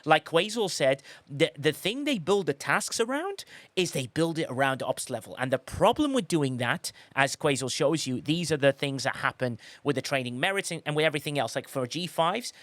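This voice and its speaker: A man hosting a podcast on a group call, chatting in a rambling, excitable way with many restarts. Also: on the high side, no echo. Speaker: podcast host. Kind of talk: casual chat on a group call. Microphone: remote call mic.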